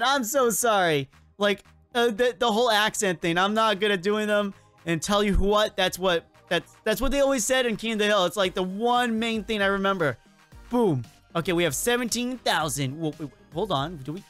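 A man hosting a casual let's-play video, talking in an excitable, rambling and self-mocking way as he comments on the game. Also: sits high, a little fast, faint music behind. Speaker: gaming video host.

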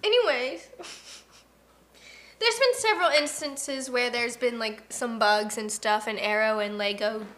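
Bright, high-voiced young woman chatting unhurriedly. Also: slow. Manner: chatty storytelling, reads viewer comments aloud. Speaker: livestream co-host. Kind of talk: casual chat.

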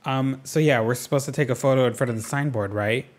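A man giving excitable, campy gameplay commentary, full of gasps, sassy asides and sudden jumps in pitch. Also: fast. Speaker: gaming video creator.

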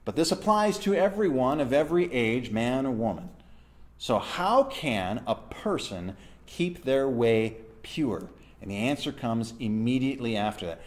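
Animated man teaching a Bible study. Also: medium pitch, measured pace. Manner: animated, asks the listeners questions; reads verses aloud and explains them.

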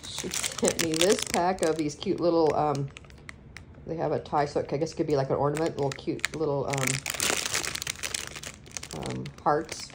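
A woman's voice: sits low, steady tone, moderate pace, pauses often. A woman chatting casually as she unboxes craft supplies at home, gushing and filling gaps with lots of ums. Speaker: craft vlogger. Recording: noisy home recording.

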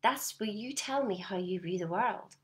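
A woman's voice: medium pitch, normal speed. Emphatic woman life coach. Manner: animated, emphatic, addresses viewer directly with frequent "yeah?". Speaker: personal development coach. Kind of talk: motivational talk to camera.

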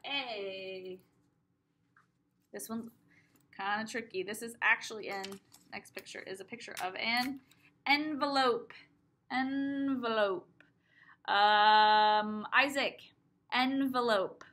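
A young woman teaching preschoolers in a recorded lesson, slowly sounding out vowels and repeating them with emphasis. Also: mid-range voice, fairly even intonation, a bit bright.

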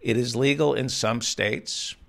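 A man's voice: mid-range voice, unhurried, gravelly, a bit bright. A man hosting a talk-radio show, asking blunt, provocative questions with wry asides.

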